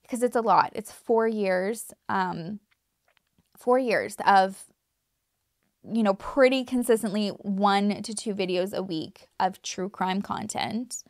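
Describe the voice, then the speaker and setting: A woman vlogger in her thirties talks straight to her viewers in a loose, chatty way, piling on fillers, restarts and emphatic turns. Her voice sits at an ordinary middle pitch. The sound is close and dry, with no room echo. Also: takes it slowly. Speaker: YouTube true crime creator. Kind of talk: casual talk to camera.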